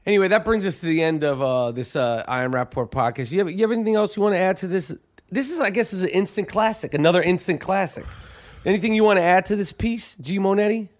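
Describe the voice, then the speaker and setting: A man with a New York accent hosts a podcast in loose, rambling chat. His voice sits high for a man, and he stammers through restarts and swears freely. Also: fast talker. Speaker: podcast host.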